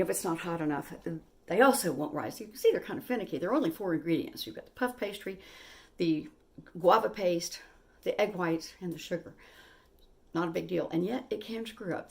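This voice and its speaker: A woman's voice: on the low side, creaky, darkish tone. A woman hosting her own cooking channel from her home kitchen, chatting casually and enthusiastically as she bakes. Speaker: cooking show host. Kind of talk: casual cooking vlog chat.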